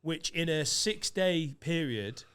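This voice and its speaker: Swearing, storytelling comedian, slightly high voice. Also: male voice, expressive, a bit bright, clear, resonant tone. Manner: swearing, storytelling, quick asides. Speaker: guest comedian. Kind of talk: casual podcast chat.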